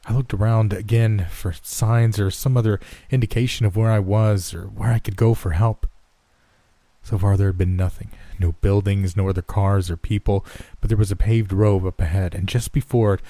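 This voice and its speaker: A man narrating a first-person horror story in a measured, tense storytelling manner. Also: on the low side, mellow, no room sound.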